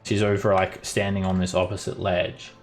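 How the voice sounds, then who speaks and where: Brief: male dungeon master, lowish voice, loose descriptive narration. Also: level tone, moderate pace, faint music behind. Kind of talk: narrating a tabletop game.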